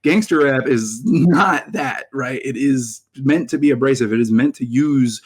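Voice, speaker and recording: A man calling into a streamed debate who answers with sarcasm and mockery, often laughing. His pitch sits in the ordinary middle range. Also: measured pace, breathy edge. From Baltimore, US. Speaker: guest caller. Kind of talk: heated debate on a call.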